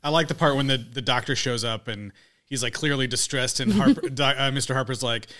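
A man's voice: medium pitch, animated, a little fast, pushed and bright. A man co-hosting a podcast, chatting about an old film in an amused way, laughing often and quoting lines. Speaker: podcast co-host.

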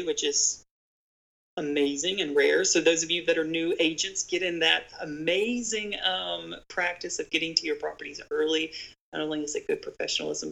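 Earnest storyteller with a gravelly voice. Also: mid-range voice, a bit bright, low-quality recording. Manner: earnest, speaks directly to listeners. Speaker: podcast guest speaking on real estate agent safety. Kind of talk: conversational storytelling.

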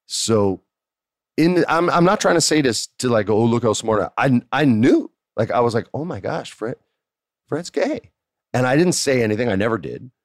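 A middle-aged man from the United States telling a story in a casual, animated way, with lots of fillers and restarts. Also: medium pitch, moderate pace, dry recording, clean studio sound.

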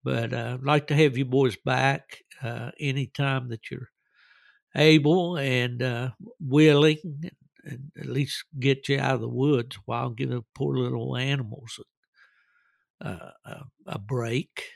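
A man's voice: medium pitch, fairly even intonation, measured pace, gravelly, no echo, studio quality. A man hosting a podcast, telling rambling, folksy stories with frequent chuckles. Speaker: podcast host. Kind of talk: casual storytelling.

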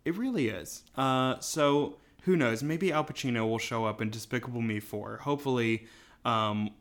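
A man's voice: medium pitch, normal speed. A man co-hosting a podcast in casual chat, rambling with lots of fillers. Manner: rambling, filler-heavy, chuckles often. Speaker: podcast co-host.

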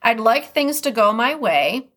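A woman's voice: a little high, lively intonation, unhurried, a bit bright. A woman with a Midwestern American accent talks through a solo podcast episode in a loose, conversational way. She reads short passages aloud, then stops to react to them and reflect in her own words. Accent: Upper Midwest American. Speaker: podcast host. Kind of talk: casual podcast monologue.

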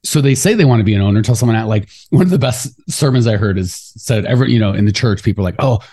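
A man co-hosting a podcast in casual chat, talking fast and getting fired up, acting out quoted voices along the way. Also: fairly low pitch, breathy edge. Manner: fast, animated, ranty. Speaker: podcast co-host.

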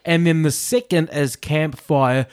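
A man's voice: a little high, fairly even intonation, unhurried, clean tone. A man co-hosting a casual chat, playful and teasing. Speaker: podcast co-host.

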